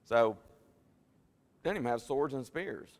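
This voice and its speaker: A man's voice: mid-range voice, lively intonation, unhurried. A man teaching a Bible study in a church, folksy and conversational with many restarts. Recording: long church hall reverb.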